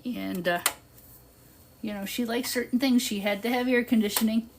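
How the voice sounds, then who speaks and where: An older woman hosts a live stream, her voice a little high and her pace moderate, as she spins a long, casual story while working. She's chatty, laughs often, and gets animated whenever she quotes other people. The recording is clear, with background noise and clicks.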